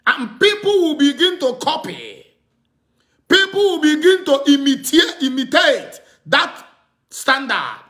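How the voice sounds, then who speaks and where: High-voiced man preaching, call and response. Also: bright, forceful tone. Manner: repetitive call-and-response teaching, asks "what?" and answers; slow, emphatic delivery with drawn-out words. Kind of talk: sermon.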